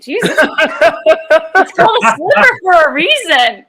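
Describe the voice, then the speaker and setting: Female improv comic, high bright voice, rambling jokey delivery with lots of fillers. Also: big pitch swings, measured pace. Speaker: comedian panelist. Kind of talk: improv comedy.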